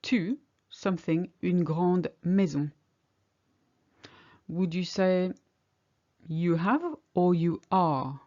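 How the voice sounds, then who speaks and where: A woman teaches a language lesson, working through each example slowly and patiently. Her voice sits fairly low, and the recording sounds a little dull and lo-fi. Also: dark tone. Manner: patient, explains step by step. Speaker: French teacher.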